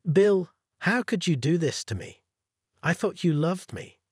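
A man voicing a husky pleading unfaithful wife. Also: fairly high pitch, animated, measured pace, no room sound, studio quality, voice pushed up, heavily acted.

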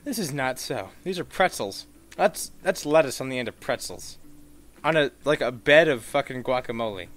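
A man giving gameplay commentary, swearing freely and swinging into mock-outraged rants and sudden shouts. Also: mid-range voice, animated, moderate pace.

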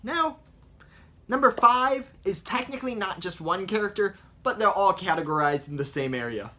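Young guy rambling about his impressions, bright voice, lots of ums. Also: high-pitched, expressive, moderate pace. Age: young adult. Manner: rambling, explains with many fillers. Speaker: vlogger doing voice impressions. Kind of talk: casual chat.

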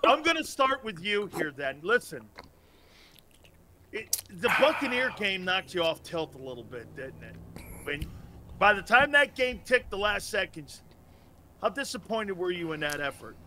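Brash male sports host, high and swooping, very animated. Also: moderate pace, a loud crowd. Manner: brash, blunt, swearing. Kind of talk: sports talk show hosting.

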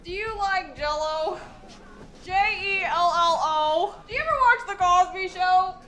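A woman playing an American woman who is faking a girl, with a loud, rowdy manner that stretches her words out. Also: very high voice, very animated, unhurried, slight background noise, voice pushed up, heavily acted.

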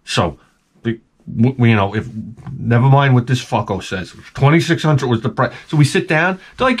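A man's voice: medium pitch, normal speed, slightly rough. A middle-aged man vlogging, telling rambling, profane stories in a casual monologue. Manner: rambling, profane, animated storytelling.

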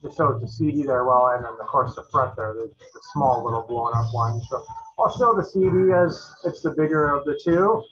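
A man's voice: mid-range voice, moderate pace, a bit bright. Man rambling about metal, lo-fi sound. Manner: rambling, loose, full of fillers and restarts; enthusiastic metal fan talk. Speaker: channel host reviewing albums. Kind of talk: casual album run-through. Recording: dull lo-fi recording.

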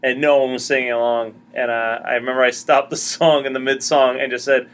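A man hosting an interview podcast, telling stories casually with an animated, laughing manner. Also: medium pitch, a little fast. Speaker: podcast host.

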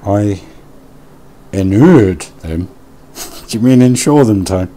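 Male streamer, deep voice, easygoing chat with viewers, thinks aloud, faint background noise. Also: animated, slow pace, pauses often, dark tone. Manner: chatty, reads and answers chat aloud, mutters while working. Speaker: live streamer. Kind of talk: casual live-stream chat while building in a game.

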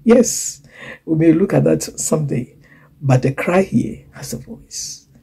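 A woman preaching a sermon, swinging from loud emphasis to hushed whispers and acting out the voices she quotes. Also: sits low, lively intonation, a little slow, vocal fry, breathy edge, rough recording. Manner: acts out quoted voices and laughs between points.

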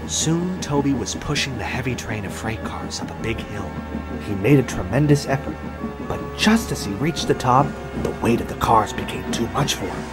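A man narrating a children's railway story in an expressive storybook style, over background music. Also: medium pitch, normal speed.

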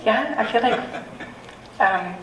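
A woman poet addresses a live audience, her halting remarks full of pauses and emotion. The recording is roomy and echoey, picked up from some distance, with faint ambience of the room behind her. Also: on the high side, expressive, noisy background. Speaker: poet introducing her work. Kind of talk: live poetry reading remarks. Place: live reading event in a room.

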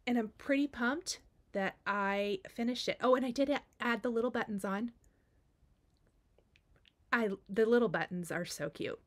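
A woman's voice: fairly high pitch, moderate pace, pauses often. A woman hosting a cross stitch video, chatting casually and gushing over her finished pieces, repeating words for emphasis. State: has the hiccups. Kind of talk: casual show-and-tell chat.

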